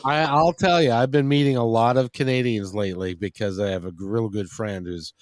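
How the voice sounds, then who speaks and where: A man's voice: mid-range voice, fairly even intonation, a little fast, no echo. A man from the United States hosting an interview, rambling and joking with his guests. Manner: rambling, jokey. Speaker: interview host. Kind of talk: casual interview chat.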